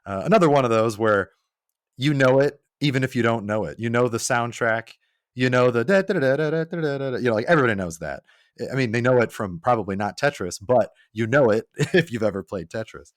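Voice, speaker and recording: A man's voice: medium pitch, a little fast, no echo, studio quality. A man guesting on a podcast, chatting casually and acting out quoted lines as he tells stories. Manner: animated storyteller who acts out quotes.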